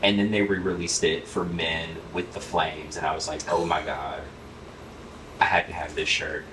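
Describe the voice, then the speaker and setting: A man's voice: rumbling low, moderate pace. A man giving a casual closet tour, chatting and telling stories with frequent laughs. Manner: animated storyteller, laughs often. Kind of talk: casual chat. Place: home closet, echoey room. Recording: roomy, distant, faint noise.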